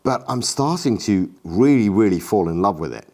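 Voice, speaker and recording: A man's voice: fairly low pitch, expressive, moderate pace, darkish tone. A man in a casual gear review vlog, talking enthusiastically and self-deprecatingly. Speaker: camera gear vlogger.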